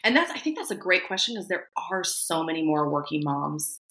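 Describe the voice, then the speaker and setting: A woman speaking as a podcast guest in casual conversation, candidly sharing stories and acting out her own past thoughts in a higher voice. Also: expressive, brisk, fairly bright tone. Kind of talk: casual chat.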